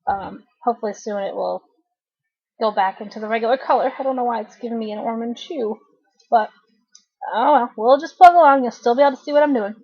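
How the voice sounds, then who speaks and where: A woman in her thirties walks viewers through a knitting project in a relaxed, chatty way, pausing now and then to clear her throat. Her voice sits a little high. The sound is dull and lo-fi, recorded through a home webcam. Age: 30s. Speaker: craft tutorial host. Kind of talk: casual knitting tutorial.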